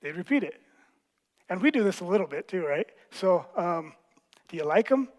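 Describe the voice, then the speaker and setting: A man preaching a sermon as pastor, teaching in a playful, animated way with quick jokes. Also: high voice, in a large hall. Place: church hall.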